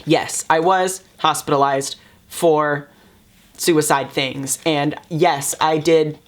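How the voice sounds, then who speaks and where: A man's voice: fairly high pitch, steady tone, slow pace. A young man talking casually to his camera as a YouTuber, hesitant and full of fillers, keeping an upbeat tone on purpose. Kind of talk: casual vlog talk.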